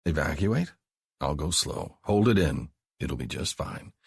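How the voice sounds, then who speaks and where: A man voicing a controlling former soldier in an audiobook, speaking low and slow, often dropping to a hush. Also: expressive, vocal fry, husky, no echo, clean studio sound, heavily acted. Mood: commanding.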